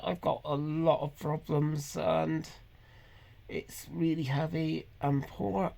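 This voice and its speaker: A man, talking in a halting, hesitant way with many pauses and restarts in an earnest, emotionally raw personal vlog. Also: a little high, vocal fry, a little mellow. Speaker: vlogger. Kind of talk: personal confessional monologue.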